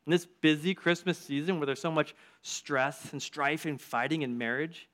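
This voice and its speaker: A man delivers an energetic sermon to a church group. His voice sits a little high, and he moves between earnest appeals and casual storytelling asides, pushing hard on key words. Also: normal speed.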